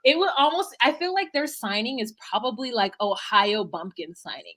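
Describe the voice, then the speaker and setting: A young woman co-hosting a podcast, recapping a reality show in animated, blunt casual chat and acting out what people said. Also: on the high side, normal speed. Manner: animated, blunt and swearing, acts out quotes. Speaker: podcast co-host.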